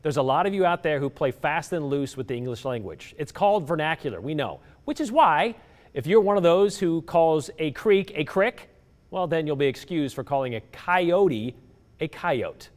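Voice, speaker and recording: A man's voice: a little high, expressive, a little fast. A man presenting a light-hearted scripted news segment in a playful, wry way.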